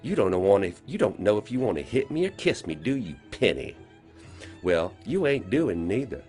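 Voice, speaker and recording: A man voicing a slow, confident country schoolgirl with a rural Southern accent, sly and teasing. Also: lowish voice, very animated, faint music behind, voice pushed up. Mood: taunting. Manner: drawling, teasing, quietly menacing.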